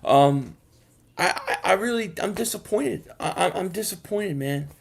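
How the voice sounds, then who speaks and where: Philly-male fan host, high-pitched, exasperated, stammers through a live rant. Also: animated, a little slow, gravelly. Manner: frustrated, repetitive, stammering restarts. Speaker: sports fan channel host.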